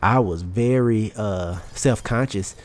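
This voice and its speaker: A man's voice: lowish voice, takes it slowly, darkish tone, slight background noise. A young man with a strong Southern US twang, talking candidly and profanely over his gameplay as a YouTube commentator. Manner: candid, rambling, swears freely. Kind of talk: casual motivational talk over gameplay.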